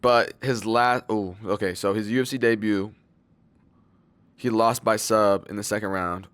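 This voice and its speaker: A man's voice: lowish voice, steady tone, a little slow, a bit bright, smooth, no echo. A young man giving casual, rambling fight predictions, loose and slangy, with lots of fillers and swearing. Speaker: MMA fight predictions channel host.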